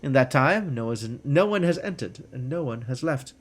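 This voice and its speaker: Man reading pompous elf doctor, disgraced, haughty, melodramatic, game dialogue, middle pitch. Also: lively intonation, moderate pace, close to an everyday voice. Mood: businesslike.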